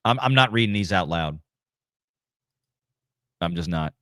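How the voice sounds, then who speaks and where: A male livestream host speaks in a subdued, halting way, restarting his thoughts. His voice is forceful and bright, recorded dry and close. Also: low voice, animated, no room sound. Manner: somber, halting, many fillers and restarts. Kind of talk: casual livestream commentary.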